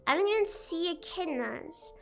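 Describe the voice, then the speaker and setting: A young adult woman, chatting casually on a livestream in an excitable, giggly, sarcastic way. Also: very high voice, normal speed, gravelly, music in the background. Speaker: streamer.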